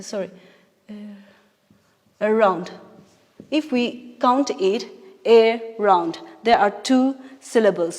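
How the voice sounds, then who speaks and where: A woman's voice: mid-range voice, darkish tone. A woman teacher giving a patient poetry lesson, explaining step by step and correcting herself as she goes. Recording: long reverb.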